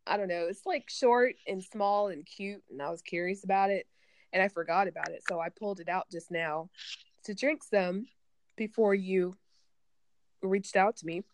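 A woman's voice: medium pitch, moderate pace, no echo. A woman in casual conversation, rambling and chatty and laughing often. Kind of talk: casual chat.

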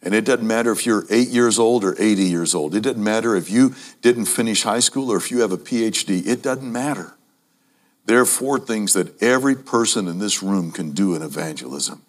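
A man preaching a sermon to a congregation, emphatic, repeating key phrases and speaking to the audience as ladies and gentlemen. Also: lowish voice, brisk.

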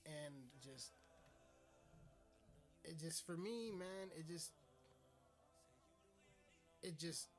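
A man's voice: fairly high pitch, extremely slow, pauses often, faint music behind. A man hosting his own podcast, rambling and joking with lots of swearing. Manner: rambling, profane, jokey. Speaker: podcast host. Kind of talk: casual solo podcast chat.

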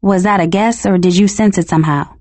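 A woman's voice: mid-range voice, fast, a little mellow, no echo, natural voice. A woman voicing an innocent, enthusiastic teenage girl in a storybook reading, speaking earnestly. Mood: curious.

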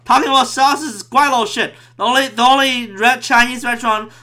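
A man's voice: extremely high pitch, fairly even intonation, a little fast, sharp tone. A man hosting a podcast alone, ranting in a profane, rambling way with frequent restarts. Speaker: podcast host. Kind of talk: solo podcast rant.

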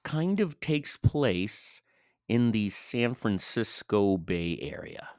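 A man's voice: lowish voice, very animated, slow, darkish tone, clear, resonant tone, dry recording, clean studio sound. A man co-hosting a podcast in casual chat, running a music quiz in a teasing, playful way. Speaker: podcast co-host, quizmaster.

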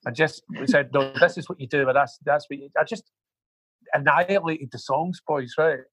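A man's voice: a little high, moderate pace, a bit bright, slightly rough, dry recording, low-quality recording. A man, a music manager guest, telling rambling, profane anecdotes in a casual interview.

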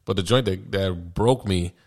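A father talks in a casual podcast chat. His delivery is measured, reflective and somber, and his voice sits low. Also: a little mellow.

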